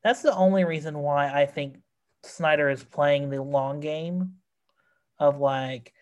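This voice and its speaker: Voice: medium pitch, slow pace, darkish tone, highs cut off. A podcast host in casual film review chat, rambling and exasperated, with many fillers.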